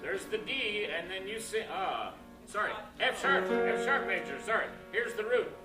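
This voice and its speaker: This choir director speaks at a moderate pace in a high-pitched voice, explaining stresses and diction, counting the singers in, and animatedly singing phrases to show how they go. The distant camera captures an echoey room, his faraway voice, piano and singing choir.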